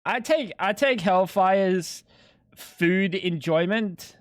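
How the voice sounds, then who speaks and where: A man's voice: high-pitched, takes it slowly, no room sound, studio quality. A young man streaming live, chatting casually with his viewers in a laid-back, slangy way with some swearing.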